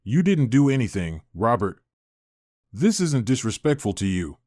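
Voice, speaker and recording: A man voicing a calm, unfaithful wife. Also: medium pitch, moderate pace, no echo, clean studio sound, lightly acted. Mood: calm pleading. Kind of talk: storytelling narration.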